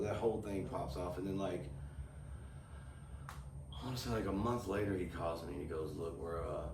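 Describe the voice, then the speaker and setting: A man, a guest telling long, profane, rambling stories in casual chat. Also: low voice. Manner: profane, rambling, animated storyteller. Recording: roomy, distant mic, noisy.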